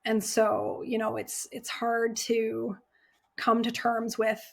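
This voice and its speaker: A woman's voice: a little high, monotone, slow pace, creaky. A woman in her thirties, an ER nurse guest, telling her story candidly with emotion and many "like" fillers.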